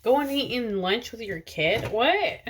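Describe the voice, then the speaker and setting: In this casual vlog, a woman in her thirties with two kids talks to the camera from the driver's seat. Her mid-range voice is slow and a bit bright, and her chat wanders, packed with fillers and restarts.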